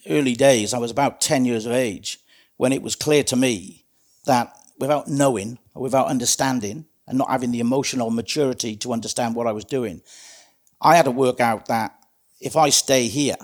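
A man's voice: mid-range voice, fairly quick. A middle-aged man with a Welsh accent, a guest in an interview, earnestly telling his life story with frequent restarts. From South Wales. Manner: earnest, frank, self-interrupting. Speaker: guest, community safety advisor. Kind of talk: reflective storytelling in conversation.

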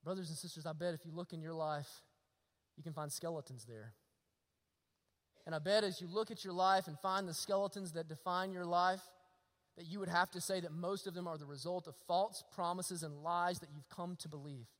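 A male pastor preaching a sermon, using rhetorical questions and swinging between hushed and emphatic delivery. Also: high-pitched, fairly even intonation, brisk, long reverb tail.

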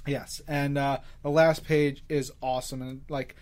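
A man from New York co-hosting a comics podcast, talking in a rambling, hesitant, excitable way. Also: mid-range voice, a little slow. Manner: rambling, hesitant, many fillers and restarts. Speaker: podcast co-host. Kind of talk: casual chat about comics.

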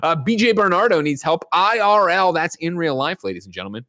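Brief: brash male podcast host, lively plugs, dry close mic. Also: fairly high pitch, brisk, no room sound. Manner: brash, animated, swearing. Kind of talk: podcast show banter and plugs.

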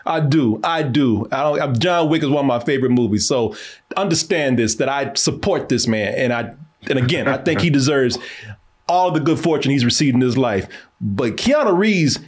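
A man co-hosting a casual chat, animated, laughing often and swearing freely. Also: medium pitch, moderate pace. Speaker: podcast co-host.

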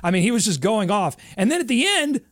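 A man co-hosting a casual sports podcast, telling stories in an animated way and laughing often. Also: high-pitched, quick pace, dry recording, clean studio sound. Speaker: podcast co-host.

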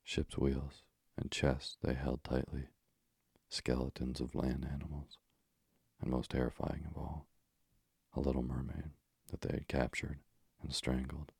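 A man narrating a fairy tale in a slow, measured reading. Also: a bass voice, flat delivery, vocal fry, darkish tone, slightly rough, no echo, clean studio sound.

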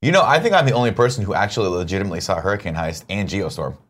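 A man co-hosting a casual morning talk show, animated and swearing as he rants about movies. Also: low voice, rapid-fire, slightly rough. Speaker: co-host. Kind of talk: casual chat.

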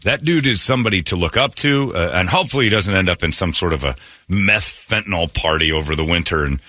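A man hosting a morning radio show, joking loudly and irreverently with his co-hosts in casual banter. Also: low voice, fast, no echo. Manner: loud, jokey and irreverent, swings into put-on quote voices. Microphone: studio microphone. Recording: dry radio studio.

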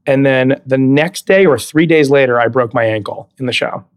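Animated man telling stories with laughs. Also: mid-range voice, moderate pace. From California. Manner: animated storyteller, laughs often, acts out quoted dialogue. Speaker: guest, Broadway actor. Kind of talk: casual interview chat.

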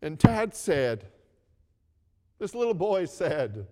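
A man preaching a sermon at a slow, deliberate pace, his voice a touch high. He tells the story earnestly and repeats key phrases. Long reverb hangs after each line. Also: expressive, darkish tone. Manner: earnest storytelling, repeats phrases, asks the listeners to read along.

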